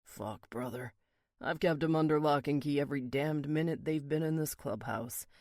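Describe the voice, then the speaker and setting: A man voicing a rough, blunt male biker who swears and growls his words, in an audiobook. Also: moderate pace, a little mellow, no room sound, studio quality, close to an everyday voice. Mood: defiant. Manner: crude, swearing, low growl. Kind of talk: audiobook character reading.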